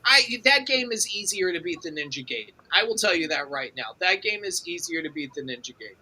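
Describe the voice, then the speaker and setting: A high-pitched, very bright male voice chatting about games on a live show. He gets excited easily and swears freely. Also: a little fast, breathy edge. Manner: excitable, swearing, talks over others. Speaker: podcast co-host. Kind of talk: casual chat.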